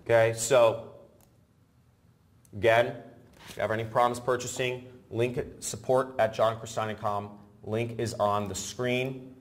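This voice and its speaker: A man hosting a sales webinar over a video call, pushy and building to loud excitement. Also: medium pitch, a little slow. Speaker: webinar host.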